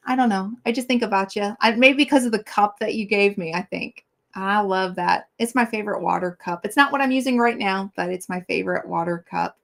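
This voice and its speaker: A woman's voice: mid-range voice, normal speed, gravelly. A middle-aged woman hosting a casual live-stream chat, rambling and chatty with many fillers as she talks to viewers.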